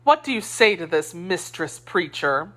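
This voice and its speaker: A woman's voice: on the low side, very animated, a little slow, a bit bright, full character voice. A woman voicing a self-important, timid middle-aged male mercer in an audiobook reading, proud and defensive. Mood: pompous.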